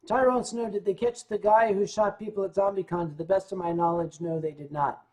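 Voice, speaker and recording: A man hosting a livestream, chatting casually with his viewers and telling stories with big swings in pitch and loudness, stumbling and restarting when the subject turns serious. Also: steady tone, brisk. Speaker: livestream host answering chat.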